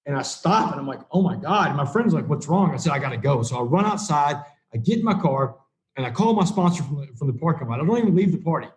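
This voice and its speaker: A middle-aged man with a fairly high, animated voice talks fast as he shares his recovery story with a group. Earnest and plain-spoken, he acts out the conversations he remembers in this personal recovery talk.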